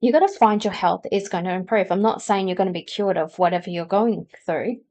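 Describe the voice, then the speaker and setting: A woman's voice: mid-range voice, a little fast, a little mellow. Chatty woman giving a tarot reading. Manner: chatty, explanatory, talks straight to the viewer. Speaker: tarot reader. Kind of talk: pick-a-card tarot reading.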